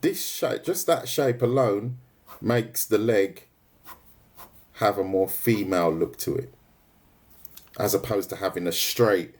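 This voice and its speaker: A man's voice: on the low side, slow pace, long pauses, a little mellow. A man leading a live drawing tutorial, chatting casually with his viewers and often checking in with "right?" and "mate". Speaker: art tutor streaming live.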